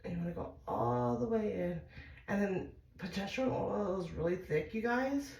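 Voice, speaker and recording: A woman's voice: mid-range voice, moderate pace, vocal fry, a little mellow. A woman vlogger casually walking viewers through a home injection, chatty and a little nervous, saying y'all. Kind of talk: casual how-to vlog. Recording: echoey room.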